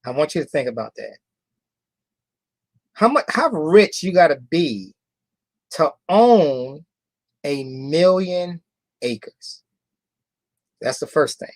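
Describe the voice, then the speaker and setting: Slow, emphatic motivational speaker man. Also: a little high, very animated, no room sound. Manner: repeats phrases for emphasis, drawn-out key words; asks the audience rhetorical questions. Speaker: company founder addressing members. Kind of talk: motivational storytelling talk.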